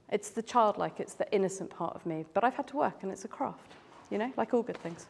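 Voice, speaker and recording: A woman's voice: a little high, quick pace, gravelly. Bubbly British woman in a reverberant hall. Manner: playful, chatty, bubbly. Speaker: clown and speaker. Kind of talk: live talk answering audience questions. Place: large hall at a live event.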